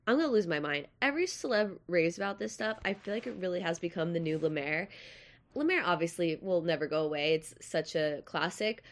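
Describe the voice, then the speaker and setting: A young woman hosting a podcast in casual, chatty, self-deprecating talk, with a nasal voice. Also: on the low side. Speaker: podcast host.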